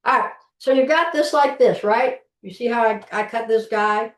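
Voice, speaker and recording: A middle-aged woman teaches a live online cooking class from her home kitchen, chatting in a folksy way and frequently restarting sentences as she works. Her voice sits on the high side at a moderate pace, picked up on a video call by a distant mic in a roomy kitchen.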